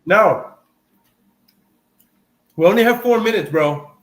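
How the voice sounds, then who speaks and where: A man hosting a live video call, coaching in a casual, animated way and repeating phrases for emphasis. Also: sits high, slow, echoey room. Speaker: host and sales coach.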